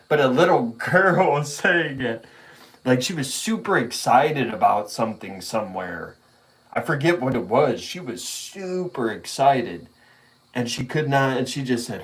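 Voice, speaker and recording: A man's voice: medium pitch, lively intonation, measured pace. Laid-back, cursing man rambling casually. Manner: laid-back rambling storytelling with profanity and laughter. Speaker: vlogger. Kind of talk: casual chat.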